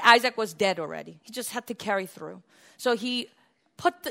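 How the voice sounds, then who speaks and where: A woman preaching a sermon, retelling scripture as a lively story with laughs and acted-out quotes. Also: fairly high pitch.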